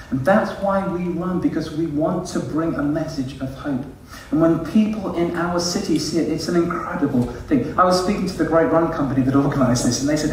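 A man telling a lively story as a church leader, acting out quoted voices. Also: a little high, fairly quick, a little hiss or hum. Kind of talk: storytelling sermon. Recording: echoey hall, distant mic.

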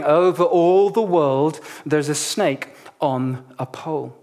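A man from Nigeria preaching a sermon, telling personal stories with humor and addressing the congregation directly. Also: high-pitched.

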